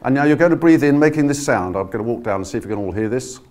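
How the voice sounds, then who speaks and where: A man leading a voice workshop, coaching a live audience through breathing exercises in an energetic, encouraging way. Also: medium pitch, very fast. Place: conference room with a live audience. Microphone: no handheld mic, projecting to the room.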